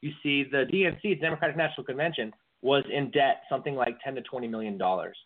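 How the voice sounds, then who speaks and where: A man's voice: medium pitch, fast talker. A man talks through the week's news in a loose, rambling way, stumbling over repeated words as he gets going. His voice sits in a middle register. The sound is thin and phone-like. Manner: rambling, repeats words when starting sentences. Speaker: podcast co-host. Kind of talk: casual political chat. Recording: tinny phone-like lo-fi audio.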